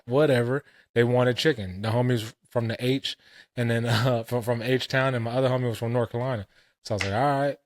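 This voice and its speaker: A man co-hosting a casual podcast, telling stories in animated, profane slang. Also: mid-range voice. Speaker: podcast co-host. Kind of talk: casual chat.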